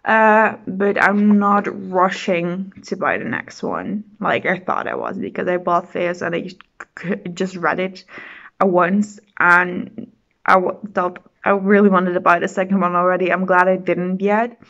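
A woman's voice: lowish voice, a little slow, dull audio. Bubbly, rambling woman book vlogger. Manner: bubbly and excitable, gushing; rambling with restarts and giggles. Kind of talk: casual vlog chat.

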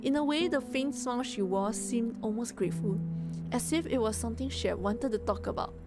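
A woman streamer reads a story aloud in a slightly high, gentle voice, keeping an even, measured pace. Clear music plays behind her narration.

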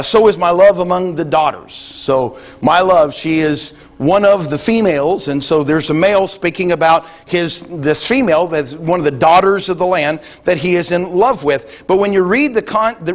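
A man's voice: on the high side, normal speed. A man preaching a sermon in a conversational way, thinking aloud with frequent restarts and quoting scripture. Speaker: pastor.

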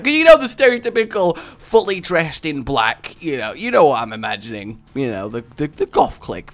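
A man's voice: fairly high pitch, a bit bright. A young man giving casual gameplay commentary as a video host, rambling playfully through silly tangents. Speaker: let's play host.

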